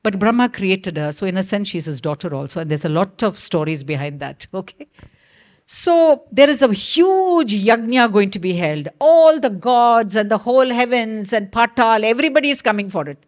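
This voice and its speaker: A woman's voice: medium pitch, moderate pace. A middle-aged woman, animatedly telling a myth and acting out the dialogue. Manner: animated, acts out quoted dialogue, frequent "okay?" check-ins. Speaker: speaker telling a myth on stage. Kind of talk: storytelling talk.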